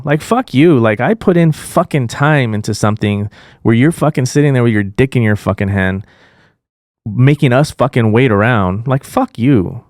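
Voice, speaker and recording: A man's voice: mid-range voice, darkish tone, no echo, studio quality. Heated, profane male podcast host. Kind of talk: casual chat.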